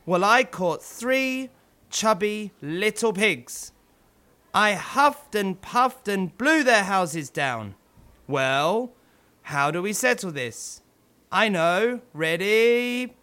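Guy playing a big bragging wolf, loud and showy, slow. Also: high-pitched, lively intonation, exaggerated voice. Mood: boastful. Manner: blustering, loud. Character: boastful big bad male wolf. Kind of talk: storybook character voice.

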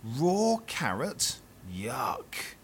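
A boastful, grumpy storybook wolf, voiced by a man who drawls each word slowly and scornfully in a raised voice. His pitch swings widely, with faint room noise behind. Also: wildly swooping pitch, full character voice.

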